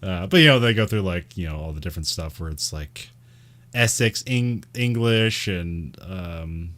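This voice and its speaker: Low voiced american guy rambling on a podcast, lots of um and like, laughing a bunch. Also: normal speed, a bit bright. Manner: rambling, many fillers and restarts, laughs often. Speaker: podcast co-host. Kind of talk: casual chat.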